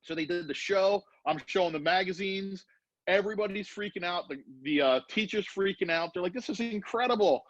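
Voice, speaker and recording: A man's voice: high voice, a little fast, fairly bright tone, dry recording, highs cut off. A man telling a story in casual podcast talk, acting out the voices of the people he quotes. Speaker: podcast guest.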